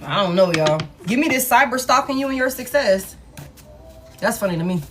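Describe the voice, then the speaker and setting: Woman tarot reader, slightly high voice, casual, laughing, profane. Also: expressive, normal speed, music in the background. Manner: laughing, profane, playfully acts out quoted people. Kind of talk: casual tarot reading to viewers.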